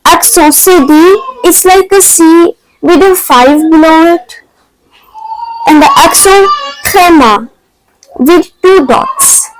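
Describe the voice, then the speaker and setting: A woman's voice: very high-pitched, slow, rough recording. A woman teaching an online French lesson, explaining patiently step by step in non-native English phrasing.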